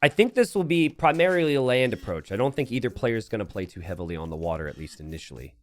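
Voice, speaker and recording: Animated man casting a game live. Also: lowish voice, fast. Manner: rambling, self-deprecating, joking asides. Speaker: game caster and streamer. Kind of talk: live game commentary mixed with casual chat. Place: home streaming setup.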